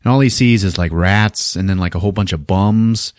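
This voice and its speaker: Low-voiced man swearing through a movie recap. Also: brisk, smooth, dry recording, clean studio sound. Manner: profane, laughing storytelling. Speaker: podcast host.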